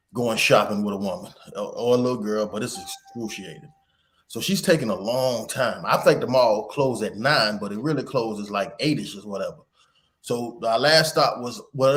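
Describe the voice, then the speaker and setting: Man, podcast host, casual storytelling, rambling, swears casually. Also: on the low side.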